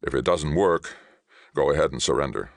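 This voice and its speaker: A man's voice: a bass voice, lively intonation, normal speed, creaky, no echo, clean studio sound, heavily acted. A man voicing a snappish male bureaucrat who talks tightly and snarls.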